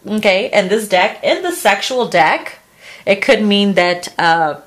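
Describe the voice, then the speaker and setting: A woman's voice: mid-range voice, animated, unhurried. A woman doing a casual tarot reading, blunt and crude, laughing often and acting out what people say. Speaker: tarot reader.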